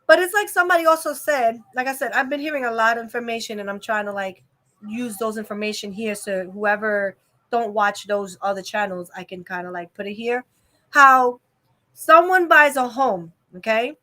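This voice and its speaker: A woman's voice: fairly high pitch, normal speed, sharp tone. A young adult woman hosting a casual live-stream chat, giving an opinionated, rambling rant full of fillers. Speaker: vlog host.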